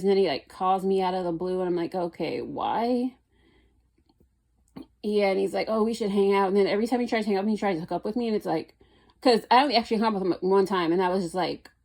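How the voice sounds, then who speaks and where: A woman's voice: medium pitch, a little mellow. A young woman telling a rambling, blunt story about dating, often exasperated as she quotes people.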